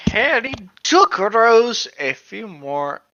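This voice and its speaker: Tipsy cohost reading fanfic out loud, swears a lot, bright sharp voice, kinda muffled lo-fi audio. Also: medium pitch, very animated, takes it slowly. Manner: crude, rambling, lots of filler. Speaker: podcast co-host reading aloud. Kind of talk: comedic fanfic reading with banter.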